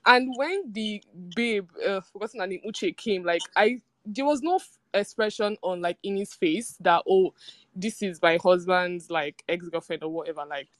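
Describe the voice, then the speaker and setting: A woman's voice: medium pitch, moderate pace, dry recording. Rambling, puzzled woman panelist. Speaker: podcast panelist. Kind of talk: casual review chat.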